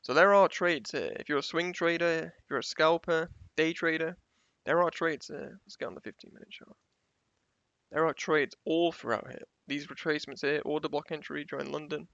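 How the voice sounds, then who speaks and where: A man's voice: a little high, fairly even intonation, normal speed, creaky, fairly bright tone, dry recording. A man giving a casual screen-share tutorial on forex trading, repeating key phrases for emphasis and checking in with the viewer. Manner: conversational, keeps checking in with the viewer. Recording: dull, slightly lo-fi sound.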